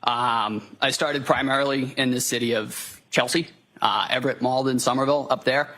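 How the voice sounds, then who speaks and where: A man in his twenties with a Massachusetts accent, testifying in court as a witness and speaking loudly with a lot of ums and uhs. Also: mid-range voice, steady tone, moderate pace, poor audio. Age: 20s. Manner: loud, with frequent ums and uhs. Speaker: witness, firefighter paramedic.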